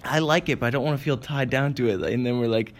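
A man's voice: medium pitch, fast. A young man co-hosting a casual podcast, rambling and laughing often. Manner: giggly, rambling, lots of laughing. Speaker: podcast co-host. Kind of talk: casual chat.

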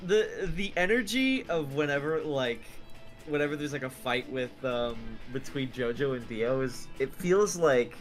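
A man's voice: medium pitch, lively intonation, unhurried, soft background music. A man co-hosting a podcast in casual chat, rambling with frequent restarts. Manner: rambling, many restarts and fillers. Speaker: podcast co-host.

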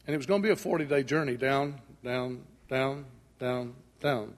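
A man's voice: medium pitch, moderate pace. A male preacher giving a sermon in a folksy storytelling manner, acting out the dialogue. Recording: echoey hall with long reverb.

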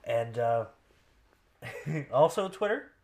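A man hosting a podcast in casual chat. He is animated and jokey, laughs often, and mocks what other people say. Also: medium pitch, drawn-out words. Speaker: podcast host.

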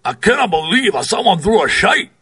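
A gruff Scottish roadie with a thick brogue, as a man puts him on, exasperated and insistent. The voice is gravelly and husky and jumps up higher than usual. It sounds a little distant from a dry mic. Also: big pitch swings, brisk, sharp tone, full character voice.

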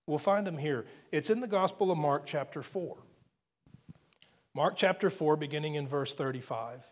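A man's voice: fairly high pitch, moderate pace. A man preaching a sermon, earnest and building his points, often repeating words as he goes. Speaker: pastor.

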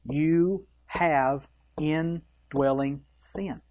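A man's voice: on the high side, a little slow. Emphatic male pastor preaching a sermon. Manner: emphatic preaching with wide swings in loudness and pace; addresses the congregation directly with questions.

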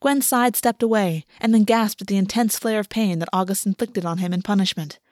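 A woman narrating a work of fiction in an audiobook reading, measured and slowing on the emotional beats. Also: mid-range voice, a little mellow, no echo, studio quality.

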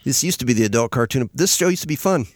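A man's voice: mid-range voice, fast talker. A man hosting a comedic talk radio show, bantering and laughing often. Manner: giggly, lively, bantering.

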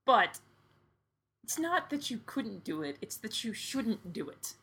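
A woman's voice: fairly high pitch, big pitch swings, measured pace, pushed and bright, slightly rough. Dry sarcastic woman co-host. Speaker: podcast co-host. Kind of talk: casual podcast banter.

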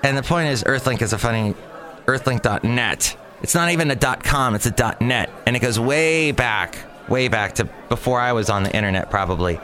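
A man's voice: mid-range voice, fairly quick, sharp tone. A man hosting a solo podcast, talking in a rambling, jokey way that drifts from topic to topic. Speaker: podcast host.

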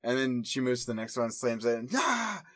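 Dry, animated male podcast storyteller. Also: medium pitch, fast talker, dry recording. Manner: animated storyteller, acts out scenes. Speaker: podcast co-host. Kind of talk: casual comedic chat.

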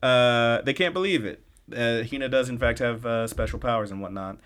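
A man co-hosting a podcast, casually retelling an episode and tossing in quick snippets of the characters' lines. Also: mid-range voice, a bit bright, clear, resonant tone. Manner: loose, chatty retelling with quick snippets of quoted dialogue. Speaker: podcast co-host.

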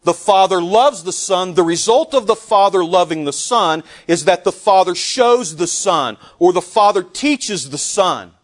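A man preaching a sermon, measured and emphatic, building on repeated phrases with deliberate pauses. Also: high voice, animated. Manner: slow deliberate delivery with pauses. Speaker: pastor.

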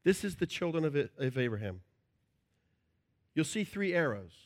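This middle-aged pastor's sermon comes in a fairly high voice at a moderate pace. He keeps it lively and playful, dramatizing little scenes with shouting and comic voices.

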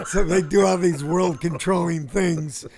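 A man hosting a casual conversation, his voice hoarse and rambling with fillers. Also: high-pitched, measured pace, noisy background. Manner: relaxed, rambling chatter with frequent fillers. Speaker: host. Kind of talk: casual chat.

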